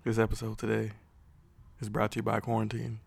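A man doing a slow, crooning late-night DJ voice. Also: lowish voice, completely flat delivery, background noise. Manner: speaks slowly with lips close to the mic, smooth-talking. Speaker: podcast co-host. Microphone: very close to the microphone.

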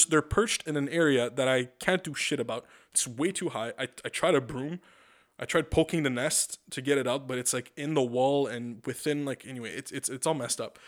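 A man hosting a podcast, telling rambling, profane stories with lots of stammered restarts. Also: medium pitch. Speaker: podcast host. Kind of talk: casual comedic monologue.

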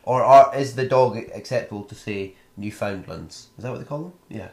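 A man's voice: medium pitch, fast, darkish tone. A British man co-hosting a dog podcast, jokey and playful, rambling through his points in casual chat. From Britain. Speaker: podcast co-host. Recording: echoey room.

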